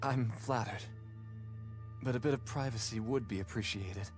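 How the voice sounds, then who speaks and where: An actor playing a weary, courteous ghost groom who speaks in a formal, polite and measured way. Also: male voice, medium pitch, soft background music, lightly acted.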